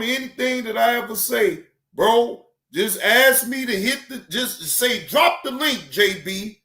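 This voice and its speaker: A man with a very high, bright voice speaks slowly and loosely as he reacts to clips on his stream. His talk is rambling, slangy and full of profanity, with many false starts. The sound bounces around an echoey room. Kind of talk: casual reaction commentary.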